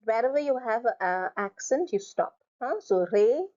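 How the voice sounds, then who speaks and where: A woman's voice: a little high, animated, a little fast, warm tone. A woman teaching French from slides, repeating each word several times so learners can copy her pronunciation. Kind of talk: recorded slide lecture. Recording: dull lo-fi recording.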